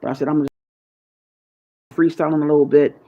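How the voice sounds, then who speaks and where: A man's voice: a little high, little pitch movement, brisk. Man, casual rambling monologue, conspiratorial, curses freely, dull lo-fi recording. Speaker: YouTube channel host. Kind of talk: casual freestyle monologue to viewers.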